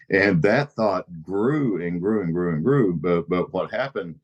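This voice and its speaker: Deep-voiced man sharing his recovery story. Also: animated, measured pace, hardly any pauses, lo-fi sound. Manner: earnest, repeats phrases for emphasis. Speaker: podcast guest.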